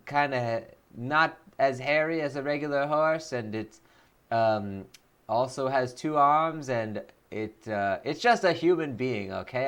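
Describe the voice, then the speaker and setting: A man plays a vain elf candidate who explains his troubles slowly and earnestly, stopping often. The voice is smooth and clear, quieter than usual, at a middle pitch. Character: vain male elf candidate, doorway-bonking. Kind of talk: comic improvised character voice.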